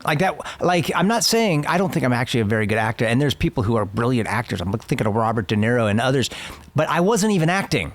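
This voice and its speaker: A middle-aged man earnestly recounting an acting experience, animated and self-deprecating, as host reacting to his old clips. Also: medium pitch, quick pace, few pauses, no room sound. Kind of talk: casual storytelling.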